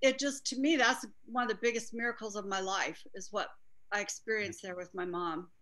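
A middle-aged woman in a church group sharing a personal story, earnest and halting. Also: medium pitch, steady tone, fairly bright tone, rough recording. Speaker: group participant.

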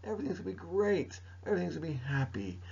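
A man's voice: on the high side, very animated, racing, gravelly, darkish tone, husky. A man teaching a recorded history lesson to students, playful and jokey, talking straight to them. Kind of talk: recorded mini lecture. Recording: dull lo-fi recording.

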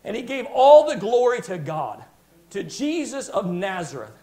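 A man's voice: sits high, sing-song, unhurried, mellow. A male preacher telling a Bible story in a sermon with passionate, dramatic storytelling. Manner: impassioned storytelling, dramatic retelling.

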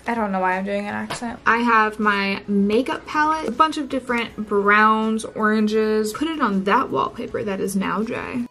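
A young woman chatting to herself as she works on a crafting vlog, often slipping into soft asides. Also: mid-range voice, moderate pace, few pauses, a little hiss or hum. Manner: chatty, talks to herself while working, drops to soft asides. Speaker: crafting vlogger. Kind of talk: casual crafting vlog narration.

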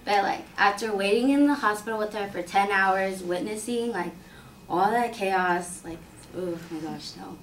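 A young woman telling a personal story in a casual, filler-heavy, animated way. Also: mid-range voice, moderate pace, slight background noise. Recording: roomy sound from a distant mic.

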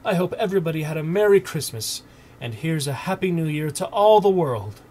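A man's voice: fairly high pitch, animated, a little fast, a little mellow, voice pushed up. A man doing a giddy reformed old miser. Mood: elated.

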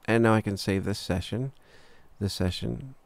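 Gravelly, dry-voiced man explaining software. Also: normal speed, no room sound. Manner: relaxed, talks through steps as he clicks, frequent "uh" and "boom". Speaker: recording engineer teaching software. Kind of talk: screen-recorded software tutorial.

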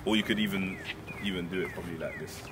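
A young British man chatting casually in a vlog, laughing and telling stories with lively energy. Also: sits low, quick pace, distant mic, crowd noise. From Britain. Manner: laughing, animated storytelling. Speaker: vlogger. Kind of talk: casual chat. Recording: noisy, off-mic phone recording.

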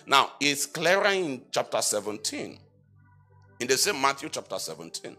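A man preaching a sermon in a church, reading scripture aloud slowly and firing rhetorical questions at the congregation, then answering them himself. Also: very animated, faint music behind. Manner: reads scripture aloud in old-fashioned language, slow and emphatic; rises to loud, high-pitched exhortation. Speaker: apostle preaching.

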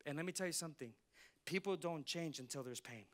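A male pastor preaching a sermon to his congregation, swinging between fired-up calls and quiet asides. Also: a little high, quick pace.

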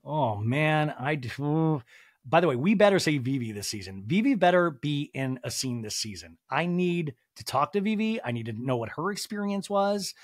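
A man's voice: on the high side, moderate pace, no echo, clean studio sound. A man hosting a podcast, giving a comedic recap of a reality TV episode and acting out the cast's dialogue. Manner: animated, acts out the scene's dialogue. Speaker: podcast host.

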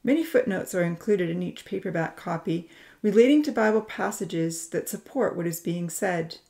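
A woman narrator reading closing notes for a book series in a slow, measured way. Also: lowish voice, creaky, mellow. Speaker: audiobook narrator.

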